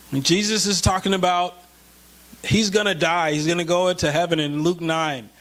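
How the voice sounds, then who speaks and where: A man with a fairly high voice preaches in church in an easy, conversational way. He slows down to read scripture and lifts his voice when he acts out a plea to God. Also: a bit bright. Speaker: pastor. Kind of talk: sermon.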